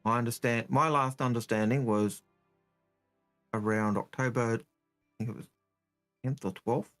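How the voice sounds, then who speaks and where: A man's voice: mid-range voice, steady tone, moderate pace, fairly bright tone, soft background music. A man co-hosting a casual gaming podcast, who talks in a hesitant, repetitive way and turns blunt and heated when annoyed. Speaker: co-host.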